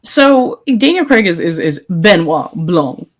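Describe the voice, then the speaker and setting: A low-pitched woman co-hosting a podcast, talking casually and firmly. She speaks in quick, opinionated bursts and often restarts her sentences. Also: sing-song. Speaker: podcast co-host. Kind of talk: casual chat.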